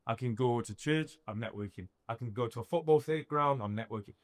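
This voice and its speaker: A man's voice: medium pitch, brisk, no room sound. A young man, an entrepreneur, giving a live motivational talk and acting out dialogue as he tells stories. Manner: animated storytelling, acts out his own quoted dialogue.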